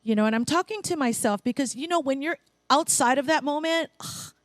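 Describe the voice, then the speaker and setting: A woman giving a relaxed, conversational sermon to her spiritual congregation. She talks in a playful way, breaking off for asides and light laughter. Her voice sounds close and dry. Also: high-pitched, brisk, dry recording. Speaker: speaker at a spiritual center. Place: spiritual center congregation, in Hawaii.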